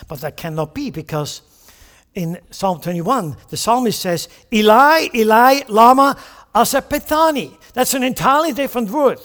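A man with a high, light voice preaches to his congregation, explaining and emphasizing as he teaches. His words ring out with the long reverb of a large hall. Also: lively intonation, normal speed, fairly bright tone. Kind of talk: sermon.

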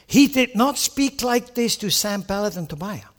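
Male pastor with a high voice, preaches an animated sermon, keeps asking the congregation questions. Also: normal speed, few pauses. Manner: animated preaching with rhetorical questions and acted-out prayers.

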